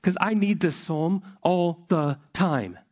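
Pastor, male, fairly high voice, impassioned sermon delivery dropping to near-whispers, muffled recording. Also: slow. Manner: emotional, swings from loud emphasis to hushed whispers.

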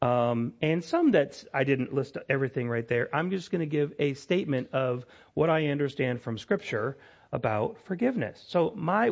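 Earnest pastor with a dull lo-fi sound. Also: male voice, mid-range voice, gravelly. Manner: earnest, rising to emphatic peaks, drops soft for quoted apologies. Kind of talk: sermon.

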